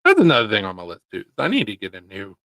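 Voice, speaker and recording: A man's voice: fairly low pitch, wildly swooping pitch, very fast, a bit bright, dry recording, poor audio. Laid-back rambling man, dry sound. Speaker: livestream host. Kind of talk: casual chat.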